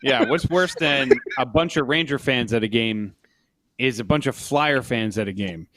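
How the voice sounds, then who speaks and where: A man's voice: medium pitch, normal speed, fairly bright tone. Rambling, laughing male podcast storyteller. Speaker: podcast co-host. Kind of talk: casual storytelling.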